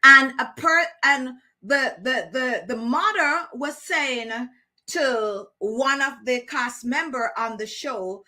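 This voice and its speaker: A woman's voice: sits high, slow, pushed and bright. A woman hosting a casual chat show for her viewers, talking directly to them in a chatty way and often repeating herself. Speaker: beauty channel host.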